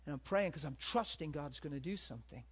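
A man's voice: on the high side, lively intonation, fast talker, husky. A man preaching a sermon to a live audience, telling stories and asking the room questions. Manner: storytelling, asks the room questions.

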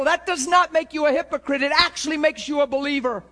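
A man preaching a sermon, moving from shouted cries down to hushed, low passages, often repeating words and restarting. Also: quick pace. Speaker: pastor.

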